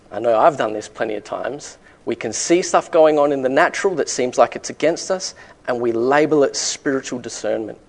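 Emphatic male preacher. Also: mid-range voice. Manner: emphatic preaching with rising rhetorical questions. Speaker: pastor. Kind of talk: sermon.

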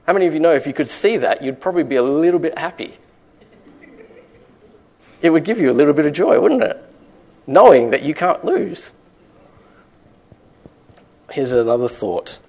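A man's voice: fairly high pitch, expressive, moderate pace, long pauses, a little mellow. A man preaching a sermon, emphatic, with rising rhetorical questions to the congregation. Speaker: pastor.

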